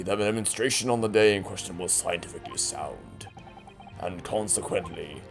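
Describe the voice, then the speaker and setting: A man voicing a haughty, pompous male prosecutor in a video game, speaking lower and quieter. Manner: slow and haughty.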